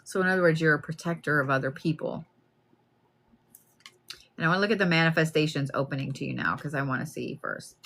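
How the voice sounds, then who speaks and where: Low-voiced chatty woman reading cards. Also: fast, pauses often. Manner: chatty, plain-spoken, animated asides. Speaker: card reader. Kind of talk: live card reading.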